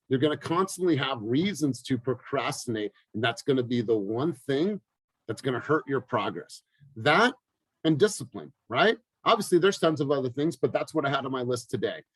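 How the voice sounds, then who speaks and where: A man coaching his team in a motivational talk, energetic and emphatic, repeating phrases for effect. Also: mid-range voice, breathy edge, no room sound, rough recording. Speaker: real estate team coach.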